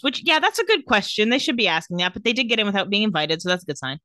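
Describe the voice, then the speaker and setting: A woman's voice: medium pitch, very animated, racing, bright, forceful tone, no room sound. Playful woman retelling scenes, dry sound. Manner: retells scenes, acting out characters' lines, laughs often. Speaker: podcast co-host recapping a TV series. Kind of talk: casual chat.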